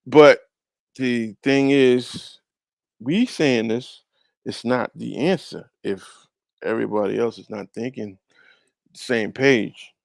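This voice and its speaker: A man with a rough, fry-laden voice leads a relaxed scripture discussion. He reads verses with loud emphasis, then drops into low, slangy asides and repeats words to drive a point home. The sound is dry and close, with no room around him. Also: takes it slowly, no echo. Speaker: podcast co-host leading a scripture study. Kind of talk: casual scripture discussion with read-aloud verses.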